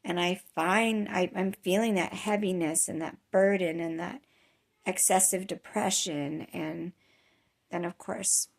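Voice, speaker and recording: Gravelly-voiced woman vlogging, weary. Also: lowish voice, steady tone, a little slow. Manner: rambling, candid, many fillers and restarts. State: weary from chronic nausea. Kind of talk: casual personal vlog.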